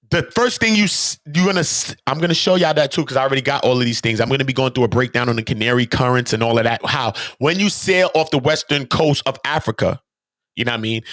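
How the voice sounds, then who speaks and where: A man vlogging in an animated, emphatic way, full of rhetorical questions and street slang, his voice rising loud and high, then dropping low and quiet. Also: no room sound, studio quality. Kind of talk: casual talking-head commentary.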